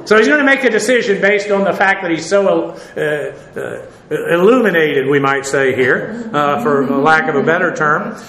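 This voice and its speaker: A man's voice: a little high, moderate pace, fairly bright tone, roomy sound, rough recording. A man preaching a sermon in a conversational, folksy way, with many fillers and asides.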